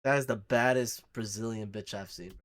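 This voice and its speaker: A man's voice: on the low side, steady tone, normal speed, a bit bright. A young man reacting to a video in casual, crude, mocking banter full of profanity. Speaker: reaction streamer.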